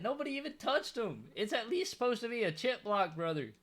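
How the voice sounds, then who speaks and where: Bright-voiced young man pleading over a game. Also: very high voice, sing-song, brisk. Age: young adult. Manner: exasperated, pleading, comic complaining. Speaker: gaming YouTuber. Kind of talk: live game commentary.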